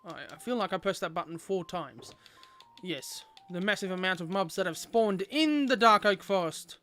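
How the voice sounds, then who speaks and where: A man's voice: high-pitched, expressive, moderate pace, bright, forceful tone, soft background music. A young man chatting playfully with viewers while streaming a game. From Australia. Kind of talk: casual gameplay livestream chat.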